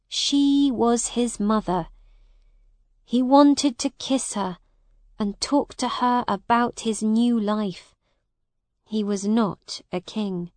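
Very slow woman storybook narrator. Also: medium pitch, dry recording. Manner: slow, clear, simple graded-reader reading.

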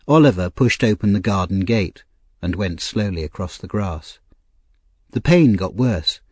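A man narrating a classic novel as an audiobook with expressive storytelling. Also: deep voice, a little slow, slightly rough, dry recording.

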